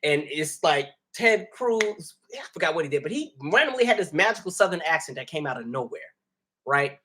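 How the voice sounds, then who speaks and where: A man's voice: fairly high pitch, sing-song, normal speed, noisy background. A man hosting a casual livestream, talking animatedly, laughing and reading viewer comments aloud. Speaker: livestream host.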